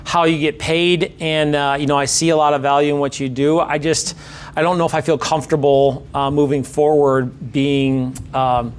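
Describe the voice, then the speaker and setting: A man acting out a wary male homebuyer in a sales role-play, hedging and halting as he speaks. His voice sits a little high for a man. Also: level tone, clean tone, lightly acted. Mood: hesitant. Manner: hesitant, halting with fillers. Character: hesitant adult male homebuyer wary of fees.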